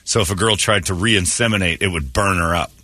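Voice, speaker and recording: Guy hosting morning radio, rambly and jokey, punchy bright voice, dry studio sound. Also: deep voice, a little fast, no echo. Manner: loose, joking, laughs often, rambling asides. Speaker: radio show host. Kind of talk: casual crude morning radio banter.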